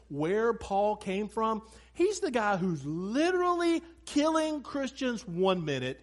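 A middle-aged man, a pastor, preaching a sermon in a conversational, storytelling way, with asides to his listeners and acted-out quotes. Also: sits high.

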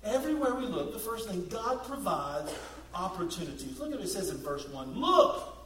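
A man, a youth pastor preaching a sermon with lively, laughing storytelling. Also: high voice, brisk, a little hiss or hum. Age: 40s. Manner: animated storytelling with bursts of laughter. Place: church sanctuary. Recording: echoey room, mic at a distance.

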